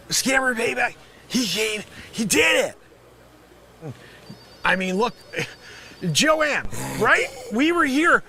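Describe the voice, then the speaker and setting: Loud, insulting fake scammer man. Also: extremely high pitch, big pitch swings, takes it slowly, creaky, pauses often. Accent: put-on New York. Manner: loud, insulting, swings from shouting to muttering. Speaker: improv comedian playing a phone scammer. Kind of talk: improvised comedy sketch.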